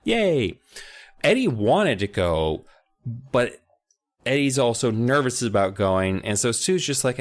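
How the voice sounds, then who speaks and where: A man's voice: medium pitch, sing-song, slow. A man co-hosting a podcast, casually and comically recapping a book with lots of rambling asides. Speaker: podcast co-host.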